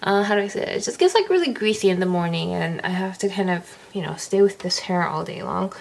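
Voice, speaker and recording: A woman's voice: lowish voice, animated, fast talker, gravelly. A young woman vlogging casually, telling a story in a rambling way full of "like". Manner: rambling, heavy use of "like".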